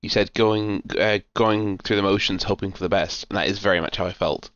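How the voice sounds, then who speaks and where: A man's voice: on the low side, steady tone, fairly quick, fairly bright tone, highs cut off. A man co-hosting a board game podcast, chatting casually and rambling with lots of fillers and restarts. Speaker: podcast co-host. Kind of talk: casual chat.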